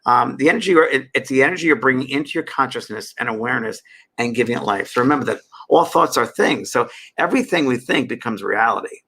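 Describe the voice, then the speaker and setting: A man's voice: medium pitch, animated, quick pace, pushed and bright, husky. A middle-aged man hosting a show, explaining meditation in an earnest, rambling way, often restarting and repeating himself. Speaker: spiritual teacher and host. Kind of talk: casual teaching chat.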